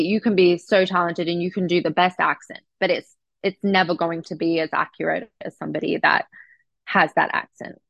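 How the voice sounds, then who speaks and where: A young adult English woman with an English accent, a guest actress, talks casually and chattily in an interview, relaxed and restarting often. Her voice is lowish with vocal fry and has no echo.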